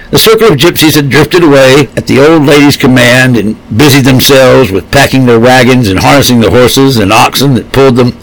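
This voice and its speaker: A man narrating a storybook in a steady, measured reading voice. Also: medium pitch, low-quality recording.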